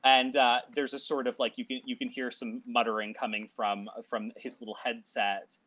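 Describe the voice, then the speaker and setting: A man narrating as game master of a tabletop game, talking in a halting way with many fillers and restarts. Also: medium pitch, level tone, fairly bright tone, no echo.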